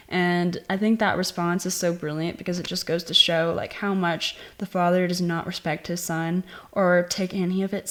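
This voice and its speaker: Chatty woman retelling a film plot. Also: on the low side. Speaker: film reviewer and channel host. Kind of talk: casual spoken movie review.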